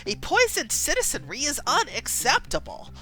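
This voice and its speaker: Woman voices a gracious, formal female candidate, pitched up and bright. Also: huge pitch swings, moderate pace, heavily acted, low-quality recording. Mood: poised. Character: poised, polite female political candidate.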